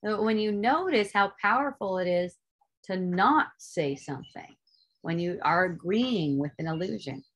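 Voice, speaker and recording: Her mid-range voice is slightly rough, animated yet a bit slow, as she teaches spiritual lessons with sincerity in an online group setting. She belts out key points, then drops to hushed asides, with casual swearing mixed in.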